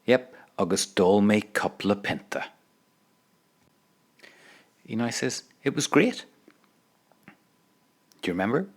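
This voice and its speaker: A man's voice: fairly low pitch, slow pace, long pauses. A man teaching an audio language lesson, patiently prompting the listener to repeat phrases.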